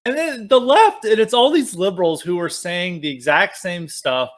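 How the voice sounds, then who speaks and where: Male podcast guest, slightly high pitch, animated sarcastic delivery, filler-heavy. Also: normal speed. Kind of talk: casual political chat.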